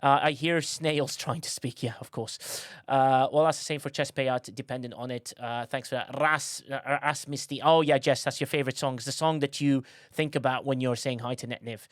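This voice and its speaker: A man's voice: medium pitch, steady tone, normal speed, few pauses, dry recording, studio quality. A man hosting a casual live stream, joking sarcastically and reading out viewer comments. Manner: joking, sarcastic, reads chat aloud. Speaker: streamer host.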